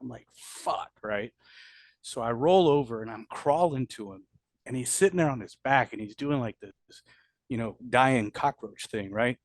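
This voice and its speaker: A man's voice: medium pitch, moderate pace, no room sound. Middle-aged vet guy, blunt and swearing a lot, stumbles and restarts, dry close sound. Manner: blunt, profane, with many restarts. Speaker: combat veteran interviewee. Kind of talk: candid storytelling interview.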